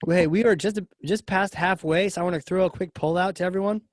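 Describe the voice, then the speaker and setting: A man hosting a live podcast in a slightly high voice. He jokes with the audience and keeps it relaxed. The sound is dry, with no room echo. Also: fast talker. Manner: relaxed and joking, lots of short agreements. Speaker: podcast host. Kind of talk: casual live show hosting.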